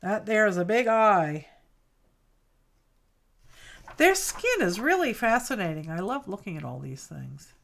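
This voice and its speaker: A woman's voice: mid-range voice, big pitch swings, normal speed, creaky, a little hiss or hum. A woman hosting a craft livestream, chatting casually and cooing over mail she opens, a little tired. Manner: cooing and chatty, greets viewers by name. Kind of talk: casual chat opening mail.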